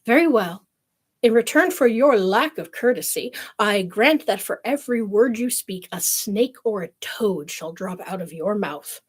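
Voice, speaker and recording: A calm, stately fairy from a storybook, speaking slowly and grandly, as a woman reads her part. A breathy, husky tone softens the voice. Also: medium pitch. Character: stately, gentle female fairy.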